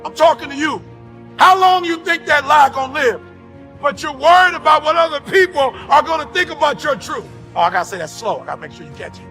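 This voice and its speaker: A man's voice: extremely high pitch, lively intonation, a little fast, sharp tone, soft background music. A man giving an impassioned motivational speech with a preacher-like delivery. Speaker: motivational speaker.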